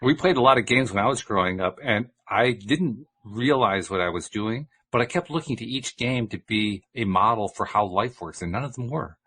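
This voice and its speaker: A male radio host reads a story aloud with a husky, somewhat low voice. His pitch moves a lot, which gives the reading an animated feel. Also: moderate pace, hardly any pauses. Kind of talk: reading a book aloud, then casual chat.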